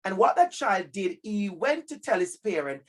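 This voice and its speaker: Jamaican man, high voice, keynote speaker for parents, emphatic and repetitive, online call. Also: big pitch swings, moderate pace, a bit bright. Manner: emphatic, repeats key words, calls out audience names. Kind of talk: lively workshop presentation.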